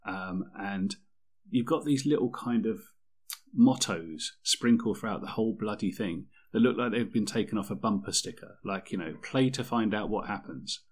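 A man with a fairly low voice, talking casually and grumbling with dry sarcasm. He rambles, repeats himself and slips into mocking quotes. A relaxed podcast chat. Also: moderate pace. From Britain. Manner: sardonic, rambling, mock-quoting in funny voices. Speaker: podcast co-host. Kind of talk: casual chat about tabletop games.

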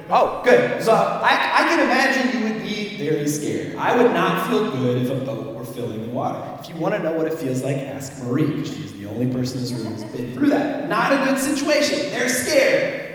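A man's voice: on the high side, expressive, moderate pace, fairly bright tone. Man preaching in an echoey church hall. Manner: conversational, reads scripture aloud and asks the room questions. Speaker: worship leader preaching. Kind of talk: sermon. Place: church sanctuary. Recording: echoey hall, voice from far off the mic.

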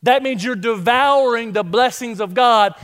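A man preaching a sermon as pastor, animated and acting out the voices he quotes. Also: very high voice, a little slow, clean tone, in a large hall.

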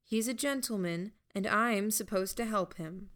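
A woman's voice: medium pitch, unhurried, fairly bright tone, natural voice. A woman voicing a timid, childlike stitched girl with a small, hesitant, pleading voice. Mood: meek, anxious. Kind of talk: audiobook character voice.

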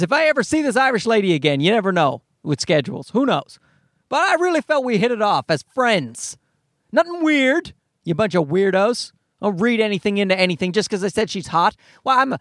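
Man in his thirties, sarcastic profane podcast host, bouncy pitch, close dry recording. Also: no echo. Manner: profane, ranting, sarcastic, animated. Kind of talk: solo comedic podcast rant. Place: parked car.

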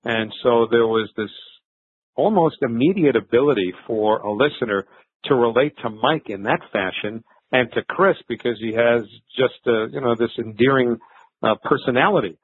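A man's voice: mid-range voice, moderate pace, slightly rough, no echo. An older man, a veteran sports broadcaster, telling stories in a conversational interview, with fillers and restarts. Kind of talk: reflective interview answers. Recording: thin phone-like line.

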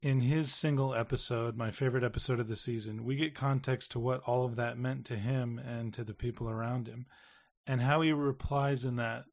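A man's voice: medium pitch, fairly even intonation, normal speed. A man hosting a casual review chat, enthusiastic and emotional, joking about his age. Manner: enthusiastic, emotional, self-deprecating.

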